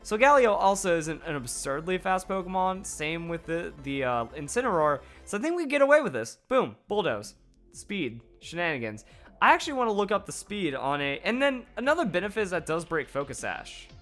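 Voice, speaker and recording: A man giving excited play-by-play commentary on a video game battle, his voice going hoarse. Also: high voice, soft background music. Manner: hype, rapid play-by-play with exclamations. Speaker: gaming YouTuber.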